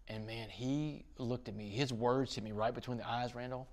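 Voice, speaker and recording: A man's voice: mid-range voice, normal speed. A man from Texas, a podcast guest telling a dramatic story in an interview. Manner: dramatic storytelling, rising to excited bursts.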